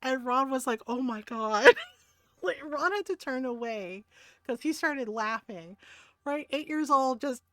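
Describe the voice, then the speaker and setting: A woman streamer chatting casually, telling an animated family story with frequent laughs and "right?" tags. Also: high-pitched, measured pace, no echo, studio quality. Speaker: game streamer. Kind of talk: casual chat.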